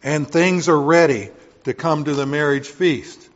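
A man preaching a sermon to his congregation in a folksy way, swinging from loud emphatic points to quiet offhand asides. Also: fairly high pitch, fairly even intonation, a little slow, dull audio. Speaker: pastor.

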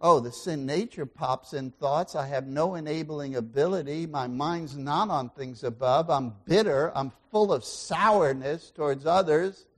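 This pastor's voice is a little high, and he speaks unhurriedly with hardly any pauses. During his sermon he questions the congregation, veering between loud exclamations and soft asides.

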